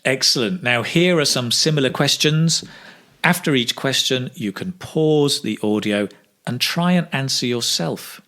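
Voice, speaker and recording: In a slow, clear pronunciation drill, a man teaches spoken English, modelling phrases slowly with exaggerated intonation for learners to repeat. His voice is medium-pitched, bright, and forceful.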